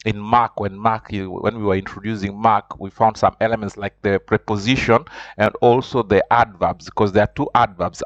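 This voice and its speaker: A man teaching a beginner French lesson informally, hesitant with many fillers and repeated words, slowing down to repeat French words for practice. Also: fairly low pitch, fairly bright tone, dry recording. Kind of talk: informal language lesson, explaining and pronouncing. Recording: dull, lo-fi home recording.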